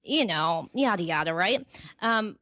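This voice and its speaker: A woman in her thirties chatting on a podcast about her life, bubbly and quick to laugh. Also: on the low side, animated, sharp tone, dry recording, studio quality. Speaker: podcast co-host and guest. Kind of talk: casual podcast chat.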